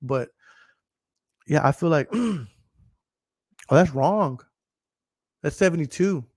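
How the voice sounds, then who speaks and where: A man in his thirties rants loosely to his livestream audience in a slightly raised pitch, cursing freely and breaking into laughs. The sound is close and dry, with no room around it. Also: expressive, slow pace, darkish tone, dry recording. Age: 30s. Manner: profane, emphatic, laughs often. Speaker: podcast host. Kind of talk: casual livestream monologue.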